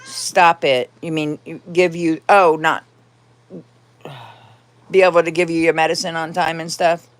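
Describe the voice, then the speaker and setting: Hosting an easygoing live chat from home, a woman speaks in a deep, level voice that is a little slow, with long pauses. She rambles, laughs often, and occasionally breaks into cooing baby talk at her cat.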